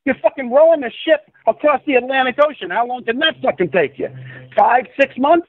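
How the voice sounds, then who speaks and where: A man with a very high voice, talking a little fast, is a guest on a call-in interview, delivering a profane, insistent conspiracy rant in a lecturing tone. The audio is tinny, as if over a phone line.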